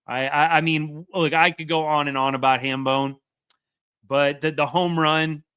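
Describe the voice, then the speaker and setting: A man, hosting a casual live sports chat as an excitable, rambling fan. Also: a little high, smooth. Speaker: sports podcast host.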